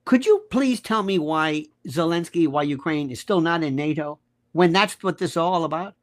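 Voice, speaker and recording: Animated, sarcastic ranting man. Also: on the high side, normal speed. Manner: emphatic, sarcastic, jumps between topics. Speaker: commentator guest. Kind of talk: animated political rant.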